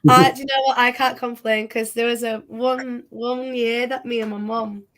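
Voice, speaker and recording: Woman, Yorkshire accent, fairly high voice, frank, casual chat guest. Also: flat delivery, normal speed, fairly bright tone. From Yorkshire, northern England. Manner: frank, chatty. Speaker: guest, psychic medium.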